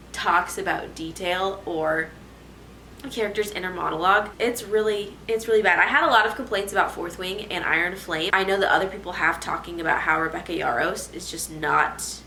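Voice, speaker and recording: A young woman chats candidly to her camera at home, bright-voiced and quick to poke fun at herself. The room is echoey, with a faint hum of background noise. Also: medium pitch. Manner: candid, animated, self-deprecating. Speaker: vlogger. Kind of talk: casual chat to camera.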